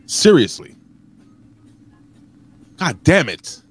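A man co-hosting a casual podcast, joking loudly and giving shout-outs to viewers in the chat. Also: fairly high pitch, very animated, very slow, slightly rough. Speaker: co-host.

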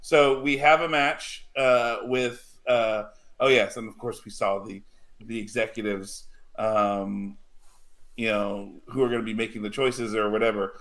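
A man hosting a casual wrestling podcast, halting with many ums as he puts questions to the panel. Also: on the low side, steady tone, a bit bright. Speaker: podcast host. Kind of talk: casual chat.

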